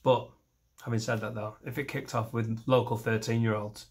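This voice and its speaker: A man's voice: fairly low pitch, little pitch movement, normal speed. Self-mocking man in his thirties. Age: 30s. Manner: rambling and self-mocking, jumping into shouted voices for imagined scenes. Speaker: stand-up comedian. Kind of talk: stand-up comedy set. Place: comedy stage.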